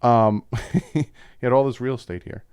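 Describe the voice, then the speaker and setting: A man's voice: medium pitch, moderate pace, darkish tone, smooth, dry recording, studio quality. A man hosting a casual football film breakdown, talking as an opinionated fan with frequent asides. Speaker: YouTube football film-study host.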